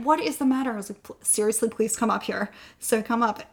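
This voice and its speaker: A woman's voice: on the high side, quick pace, hardly any pauses. A woman in her thirties telling a personal story in casual conversation, acting out the voices of the people she quotes. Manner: animated storyteller who acts out quoted voices. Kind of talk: casual chat.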